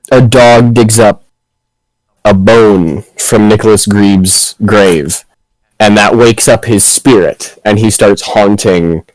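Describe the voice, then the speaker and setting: A man's voice: on the low side, no echo, low-quality recording. A man chatting casually between tabletop game turns, rambling and restarting his sentences. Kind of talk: casual chat.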